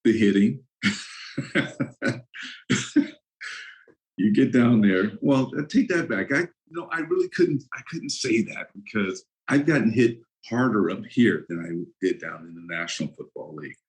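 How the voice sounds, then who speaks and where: A man's voice: on the low side, expressive, normal speed, hardly any pauses, low-quality recording. A man in his sixties, a former football player, telling stories as a guest in a casual interview, laughing often and acting out his anecdotes.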